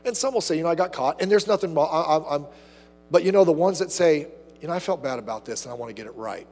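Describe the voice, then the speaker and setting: A man preaching a sermon as pastor, animated, acting out little asides and quotes. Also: on the high side, quick pace, big-room sound.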